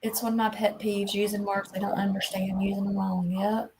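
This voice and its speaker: Blunt, gravelly woman in her fifties. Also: medium pitch, level tone, brisk, background noise. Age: 50s. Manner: blunt, scolding, emphatic. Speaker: livestream host. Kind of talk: casual livestream chat.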